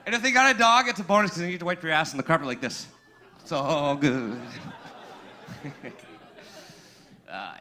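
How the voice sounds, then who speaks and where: A man's voice: high-pitched, sharp tone. A young man performing a crude stand-up comedy set, telling brash stories with acted-out dialogue on a comedy club stage.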